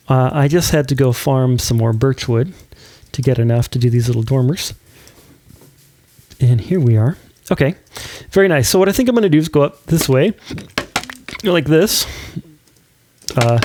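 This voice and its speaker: A man's voice: mid-range voice, mellow, a little hiss or hum. A man hosting a let's play, chatting casually and giggling while he builds. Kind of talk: casual gameplay commentary.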